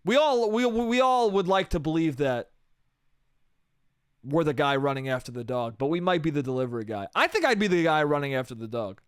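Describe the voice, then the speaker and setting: A young man hosting a comedy podcast, telling a story in animated, profane, slangy style with lots of quoted voices. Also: on the high side, a little fast, clear, resonant tone, dry recording, clean studio sound.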